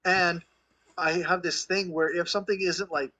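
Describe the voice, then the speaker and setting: A man talks casually and reflectively, with a bright, forceful edge to his voice. The sound is dull and lo-fi. His voice sits a little higher than most men's. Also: steady tone, moderate pace. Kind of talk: casual chat. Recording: dull lo-fi audio.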